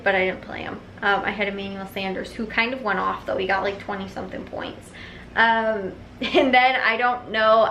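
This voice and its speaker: A woman's voice: mid-range voice, bright, forceful tone, a little hiss or hum. A young woman chatting casually to her camera at home, laughing often and filling her talk with "like" and "um". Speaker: vlogger. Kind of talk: casual vlog chat. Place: home, indoors. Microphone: handheld camera.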